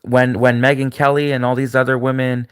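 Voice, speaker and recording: A man's voice: mid-range voice, flat delivery, brisk, clean tone, dry recording. Male solo commentator, rambling and repetitive with lots of fillers, dry close mic. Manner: rambling, repetitive, frequent fillers and restarts, mocking put-on voices.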